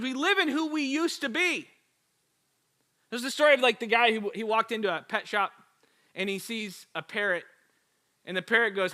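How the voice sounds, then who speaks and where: A male pastor preaching an energetic, emphatic sermon with storytelling. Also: very high-pitched, normal speed, pauses often.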